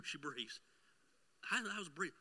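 A middle-aged man, preaching a sermon and telling a personal story, swinging between loud bursts and hushed asides. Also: fairly high pitch, lively intonation, moderate pace, breathy edge. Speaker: pastor.

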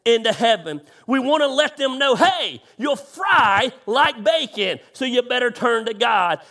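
A middle-aged man preaching with a strikingly high voice. He talks with passion and emphasis, drawing key phrases out slowly and sometimes breaking into a shout. His delivery keeps a pastor's pulpit rhythm. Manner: impassioned, emphatic with sudden slowed lines and shouts. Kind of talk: sermon.

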